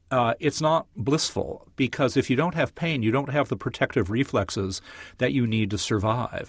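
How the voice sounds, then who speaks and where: A man as a science guest on an interview show, explaining in a measured, lecture-like way with vivid examples. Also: medium pitch, no echo, studio quality. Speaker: neuroscientist guest.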